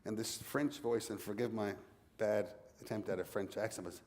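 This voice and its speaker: A man's voice: lowish voice, steady tone, moderate pace, a little mellow, big-room sound. A man from Newfoundland, Canada, with a Newfoundland accent, telling a playful story on stage as an author guest at a library event.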